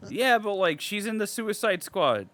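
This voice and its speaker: A young man chatting casually on a podcast. His voice is bright and punchy. He is profane and excitable, trailing off into low mutters and then bursting out loud. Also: unhurried. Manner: excitable, profane, swings from mumbling to loud outbursts. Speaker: podcast co-host.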